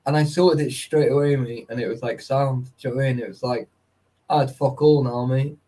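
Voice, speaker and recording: A man's voice: mid-range voice, steady tone, fairly quick, dark tone, rough recording. A man in a casual chat, chatty, swearing freely and calling people mate.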